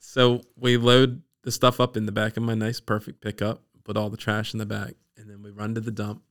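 Low, smooth-voiced storyteller man. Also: brisk. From Eastern Shore of Maryland. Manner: animated, acts out the people in his story. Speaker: guest sharing his testimony. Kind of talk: personal storytelling.

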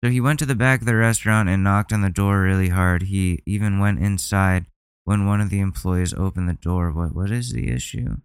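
A man with a low, smooth voice, reacting out loud to clips in casual commentary. He rambles and swears, openly indignant. The sound is dry and close, with no room around it. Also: steady tone, fairly quick, no room sound. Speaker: commentary host.

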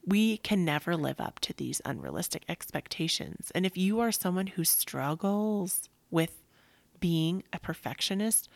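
A woman in her thirties speaks in a lowish voice. It is recorded close and dry. She talks through a reflective self-help monologue, leaning on "like," addressing listeners as sisters, and often sinking to a soft whisper. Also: vocal fry, no room sound. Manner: heavy "like" fillers, calls listeners sisters. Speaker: podcast host.

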